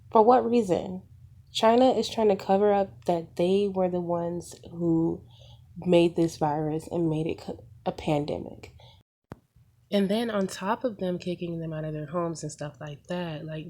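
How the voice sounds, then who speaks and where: A young woman vlogs straight to her viewers in a heated, insistent way, hammering her points home with repetition. Her voice sits a little low for a woman. She leans hard on rhetorical questions. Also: dark tone. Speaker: vlogger. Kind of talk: impassioned opinion vlog.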